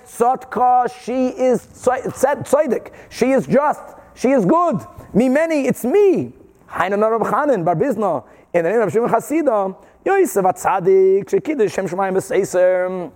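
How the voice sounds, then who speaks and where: High-voiced man teaching Talmud. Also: a little mellow. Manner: translates Aramaic and Hebrew phrase by phrase into English, rhetorical questions. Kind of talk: daf yomi Talmud class.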